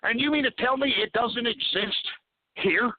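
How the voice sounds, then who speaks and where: A man's voice: extremely high pitch, normal speed. A man hosting a radio talk show, ranting angrily and exasperatedly with lots of swearing. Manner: swears a lot. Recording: tinny phone-like radio audio.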